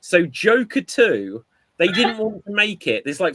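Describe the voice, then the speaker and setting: A man co-hosting a casual podcast chat, telling an animated story and acting out quotes. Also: high voice, unhurried, no room sound. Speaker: podcast co-host.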